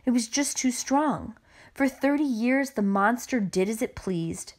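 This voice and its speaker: A woman reading a children's picture book aloud with expressive narration. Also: a little high, a little slow. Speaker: storybook reader.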